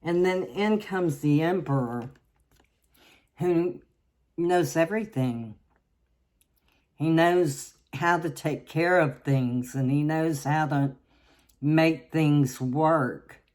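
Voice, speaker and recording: A woman from the South, giving a tarot reading in a slow, halting way with many restarts. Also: low voice, a little mellow. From Southern United States. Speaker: tarot reader.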